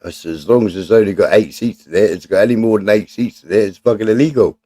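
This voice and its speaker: A man chats casually, jokey and full of swearing. His voice sits fairly low. The sound is dry and close, with no room echo. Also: fast talker, mellow. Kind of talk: casual banter with chat.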